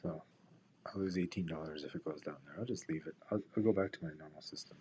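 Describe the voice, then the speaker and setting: Deep-voiced man, day trader, rambling and profane, mutters and whispers to himself while trading. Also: quick pace, dark tone, a little hiss or hum. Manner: drops into whispers. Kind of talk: casual trading commentary with personal stories.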